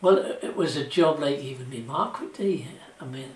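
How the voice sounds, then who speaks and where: A man's voice: medium pitch, moderate pace, far from the mic. An older man with a Geordie accent, telling rambling stories of his working life in casual dialect, full of "you know" and "like". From South Shields, England. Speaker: interviewee, former shipwright. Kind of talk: oral history reminiscence. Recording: roomy echo, voice from off-mic.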